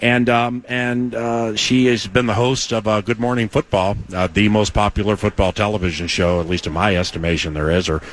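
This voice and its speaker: Effusive low-voiced male radio host. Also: fairly even intonation, moderate pace, hardly any pauses. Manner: effusive, rambling with fillers. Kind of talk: sports radio chat.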